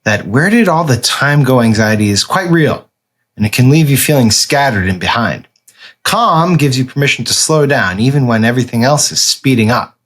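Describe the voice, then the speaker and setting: A man's voice: mid-range voice, lively intonation, normal speed, a bit bright. A man podcast host chatting casually, then reading a sponsor ad with wry asides. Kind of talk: casual chat and read ad.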